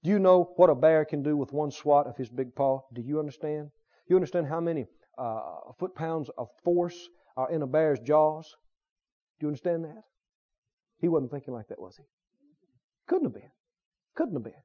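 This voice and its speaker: A man's voice: fairly high pitch, animated, moderate pace, highs cut off. A male preacher delivering a sermon emphatically, firing rhetorical questions at his listeners.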